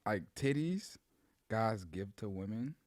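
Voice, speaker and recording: A man's voice: lowish voice, expressive, slow, darkish tone, no room sound. A young man in casual livestream banter, laid-back and teasing, explaining his views at length.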